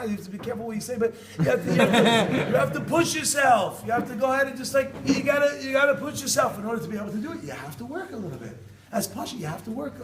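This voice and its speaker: A man giving an informal Torah talk as a rabbi to students, animated and joking, repeating phrases for emphasis. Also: high voice. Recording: echoey room, distant mic, background noise.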